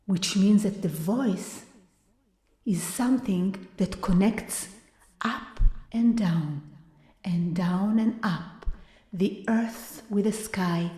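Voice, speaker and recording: A woman giving a live lecture-performance, moving between hushed whispers and loud, drawn-out vocal sounds she repeats for effect. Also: fairly low pitch. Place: university hall, live before an audience. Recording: echoey live room.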